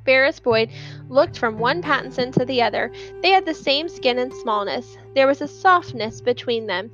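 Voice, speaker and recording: A woman narrating an audiobook in an expressive storytelling manner. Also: sits high, moderate pace, muffled recording, faint music behind. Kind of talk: scripted narration.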